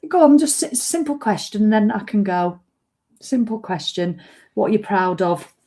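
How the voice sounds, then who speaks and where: A woman's voice: medium pitch, expressive, moderate pace, mellow. Woman, middle-aged, fitness vlogger, rambling, self-mocking, chatty. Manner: rambling, self-mocking, breaks into sung jingles. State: hiccups. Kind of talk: chatty live video.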